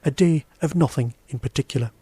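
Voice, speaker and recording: A man reading a short story aloud in a steady, even way, his voice in a middle register. The sound is dry and close, with no room echo. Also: medium pitch, fast talker, husky. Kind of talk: audiobook-style story narration.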